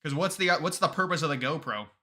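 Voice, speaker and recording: A man with a very bright, sharp-edged voice hosts a live stream. He talks loosely with his viewers, greets them and answers their comments, and often trips over and restarts his sentences. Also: a little high, expressive, fast talker. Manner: rambling, restarts sentences, reads chat aloud.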